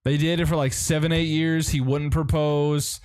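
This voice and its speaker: A man's voice: a little high, level tone, unhurried, a little mellow, clean tone. A young man co-hosting a podcast, chatting bluntly and crudely about movies and celebrities. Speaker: podcast co-host. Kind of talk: casual movie review chat.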